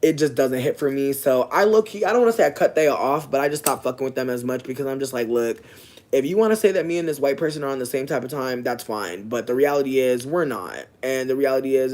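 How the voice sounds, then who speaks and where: Animated, profane young man telling a story. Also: medium pitch. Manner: expressive, profane, slangy, swings into loud animated outbursts; breaks off to talk to passersby. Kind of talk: casual storytime rant.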